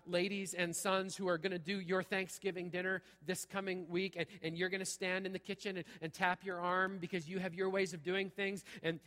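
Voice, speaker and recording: High-voiced pastor in a reverberant hall. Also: male voice, a bit bright. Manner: punchy, repeats "okay?" often. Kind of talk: sermon. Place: church sanctuary.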